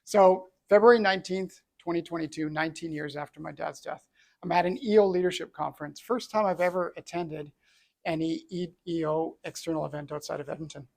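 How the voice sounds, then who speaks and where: Earnest storytelling man with a gravelly voice. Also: a little high, steady tone, fairly quick. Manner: earnest, reflective. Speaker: entrepreneur telling his story. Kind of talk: personal storytelling talk.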